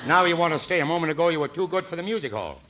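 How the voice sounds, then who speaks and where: A man's voice: a little high, animated, racing, heavy background noise. Wisecracking man on old radio. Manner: wisecracking, sings sentimental ballad. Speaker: comedy show host and singer. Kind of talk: 1940s radio comedy. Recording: dull old radio broadcast with music.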